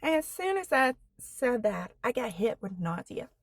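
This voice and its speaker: A woman in her forties telling her own story on a personal vlog, slow and halting, with many fillers, earnest and candid. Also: fairly high pitch, big pitch swings, no echo. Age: 40s. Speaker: vlogger.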